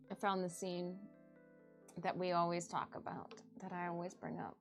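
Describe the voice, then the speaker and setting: A woman streamer in casual chat, talking in an animated way. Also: fairly low pitch, normal speed, vocal fry, over music. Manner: chatty and animated.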